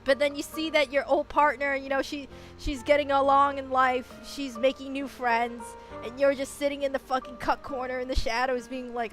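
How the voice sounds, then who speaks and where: A woman's voice: high-pitched, fairly even intonation, brisk, fairly bright tone, soft background music. Chatty, swearing woman streamer. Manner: chatty, swearing, laughing, swings into emotional rants. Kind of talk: casual gameplay commentary.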